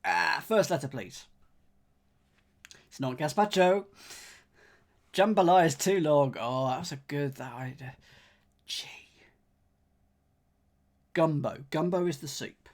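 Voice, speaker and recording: Slow-talking man with a slight lisp. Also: a little high. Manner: muttering, sighing, trailing off while puzzling. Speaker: puzzle streamer. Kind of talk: thinking aloud while solving a crossword.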